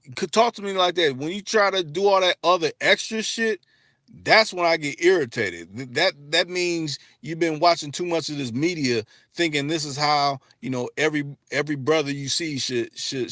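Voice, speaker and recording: A man with an African American English accent hosts a livestream, chatting loosely and profanely and restarting his sentences often. His voice is a little high, pushed and bright, at a moderate pace, with studio-quality sound and no room echo.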